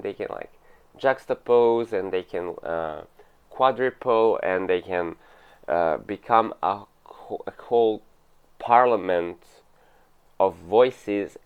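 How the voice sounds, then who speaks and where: Man, unhurried, rambling casual teaching talk, smooth resonant voice. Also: low voice. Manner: rambling, loose, full of fillers and asides. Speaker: meditation teacher. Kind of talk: casual spiritual explanation. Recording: narrow phone-like sound.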